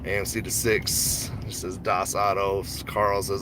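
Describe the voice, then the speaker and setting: A man's voice: fairly low pitch, steady tone, moderate pace, noisy background. A man talking casually on a stock market livestream, rambling and slangy, with frequent laughs. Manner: rambling, laid-back, slangy, laughs often.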